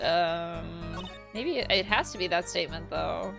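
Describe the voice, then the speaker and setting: A woman's voice: fairly low pitch, unhurried, gravelly, music in the background. A woman streamer chatting casually and swearing while playing a courtroom game, reading lines aloud. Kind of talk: casual gameplay commentary.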